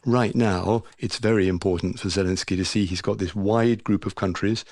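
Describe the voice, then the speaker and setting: A man, a former diplomat, speaking as a radio guest in a somewhat low voice. He weighs his words carefully and sounds dry and close. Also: fairly even intonation, darkish tone, dry recording. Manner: measured, analytical. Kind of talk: radio interview.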